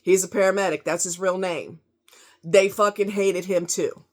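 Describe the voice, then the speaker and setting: A woman's voice: on the low side, steady tone, normal speed. A woman ranting angrily to camera, cursing heavily with heated, emphatic delivery. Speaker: vlogger. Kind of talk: angry rant to camera.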